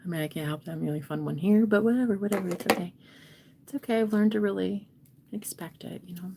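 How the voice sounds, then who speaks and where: A young woman giving a casual tarot reading to her viewers, playful and talkative, swinging between loud bursts and soft whispered asides. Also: mid-range voice, fast talker, gravelly, noisy background. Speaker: tarot reader and streamer.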